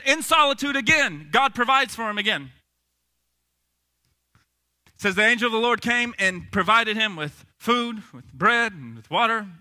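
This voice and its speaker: A young man preaching a sermon, retelling a Bible story in a casual, animated way with slang. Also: sits high. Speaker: pastor.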